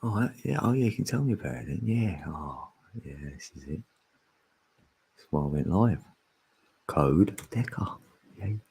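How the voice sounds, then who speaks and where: A man's voice: low voice, animated, normal speed, creaky, pauses often, a little mellow, slightly rough. A man hosting a casual livestream, joking, rambling and laughing often, sometimes singing along loosely. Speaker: livestream host. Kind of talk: casual live stream chat.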